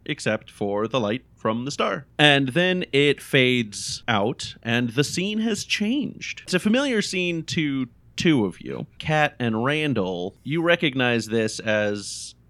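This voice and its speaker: A man's voice: medium pitch, sing-song, slow, hardly any pauses, fairly bright tone, no echo. A man narrating a tabletop game as game master in an easygoing, descriptive way.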